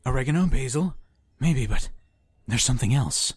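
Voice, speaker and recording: A man's voice: mid-range voice, expressive, moderate pace, a little mellow, husky, dry recording, clean studio sound. A man casually commenting on a dating game with a friend, swearing often and reading lines aloud. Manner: swearing, laughing, reads game text aloud. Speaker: let's play co-host.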